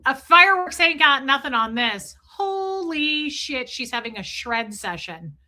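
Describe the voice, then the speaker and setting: Bright, sharp-voiced woman gossiping on stream. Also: high voice, a little slow. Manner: profane, animated, acts out quotes. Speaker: livestream host. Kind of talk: gossip commentary livestream.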